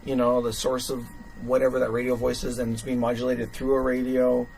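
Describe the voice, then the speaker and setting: A man's voice: mid-range voice, monotone, fairly quick, gravelly, darkish tone, slight background noise, poor audio. A man hosting a livestream, thinking aloud with lots of fillers while he tinkers with gear. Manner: thinks aloud with many fillers, chuckles at himself. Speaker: livestream host. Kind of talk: rambling casual livestream chat.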